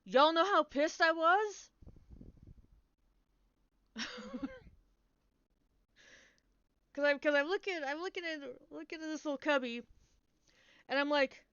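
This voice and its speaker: A young woman streamer telling a rambling, animated story in casual chat, swearing often and restarting her sentences. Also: high voice, moderate pace, dry recording. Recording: dull, lo-fi, dry stream mic.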